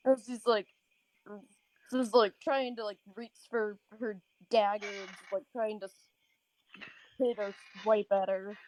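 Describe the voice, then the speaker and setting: A woman's voice: medium pitch, steady tone, measured pace, darkish tone. A woman playing a tabletop game, talking in a rambling way with lots of fillers. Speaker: player. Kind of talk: casual tabletop play.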